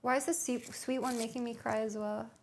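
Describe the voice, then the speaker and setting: Heavy background noise surrounds this casual cooking stream, where a young woman with a fairly high, steady voice talks a little fast. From her home kitchen she chats with viewers and thinks aloud over a recipe she's reading.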